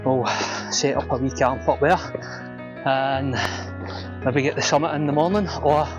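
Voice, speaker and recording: A man's voice: fairly high pitch, highs cut off. Breathless Scottish man hiking a mountain. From Scotland. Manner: relaxed and chatty, says wee and aye often. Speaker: hiking vlogger. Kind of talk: casual outdoor vlog narration. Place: outdoors on a mountain ridge.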